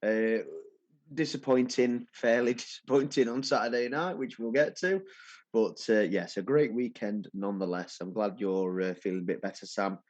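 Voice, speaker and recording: A man in his thirties co-hosting a casual football podcast, chatty and relaxed with lots of fillers. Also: lowish voice, normal speed, no room sound. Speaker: podcast co-host.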